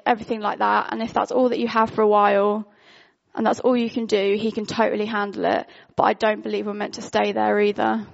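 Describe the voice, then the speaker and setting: A woman's voice: mid-range voice, vocal fry, lo-fi sound. A woman giving an informal, candid sermon, talking conversationally with frequent fillers. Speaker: worship speaker.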